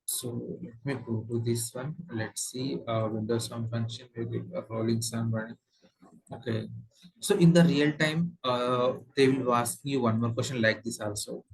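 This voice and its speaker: A man with an Indian English accent teaching a software tutorial, explaining step by step with frequent fillers and repeats. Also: medium pitch, steady tone, a little slow, vocal fry, husky, low-quality recording. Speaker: software trainer. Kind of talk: screen-share tutorial lesson.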